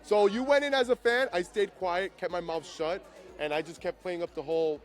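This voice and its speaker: Young man, from Miami, high-pitched, fast talker, emotional, loud, outdoor interview. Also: lively intonation. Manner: emotional, loud, laughs and nearly cries. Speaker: show winner being interviewed. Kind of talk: excited interview chat. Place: outdoor backyard set.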